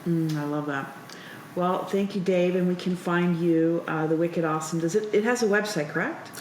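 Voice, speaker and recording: Low-voiced woman hosting a podcast. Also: normal speed, a little mellow, reverberant, a little hiss or hum. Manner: hesitant, with frequent filler words. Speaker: podcast host. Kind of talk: casual interview talk.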